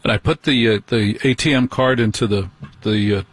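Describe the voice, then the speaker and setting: Man, host, husky, wry storytelling, mock indignation, dry recording. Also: medium pitch, normal speed, dry recording. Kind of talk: comic monologue.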